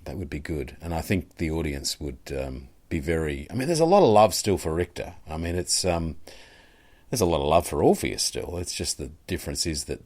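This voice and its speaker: A man's voice: extremely low pitch, big pitch swings, a little fast, darkish tone. A middle-aged man with an Australian accent hosting a podcast, chatting casually in a rambling, hesitant way. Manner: rambling, hesitant, many fillers and restarts. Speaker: podcast host. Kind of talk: casual conversational interview.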